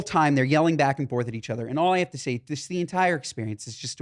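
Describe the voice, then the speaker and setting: A man co-hosting a podcast, telling an animated, ranting anecdote in casual chat. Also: on the high side, quick pace. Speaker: podcast co-host.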